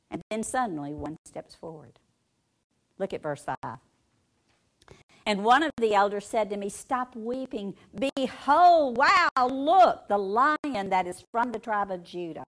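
A woman delivers a sermon at an unhurried, deliberate pace, her pitch sitting in an ordinary middle range. She teaches from scripture with dramatic emphasis, leaning on long pauses and repeated phrases. She often turns to ask her listeners direct questions. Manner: asks the audience direct questions. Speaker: Bible teacher.

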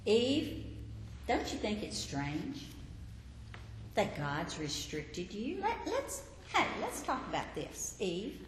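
A woman's voice: medium pitch, big pitch swings, slow. A woman voicing a sly male serpent who coaxes and tempts in a falsely friendly, wheedling way. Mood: coaxing. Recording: echoey hall, faint background noise.

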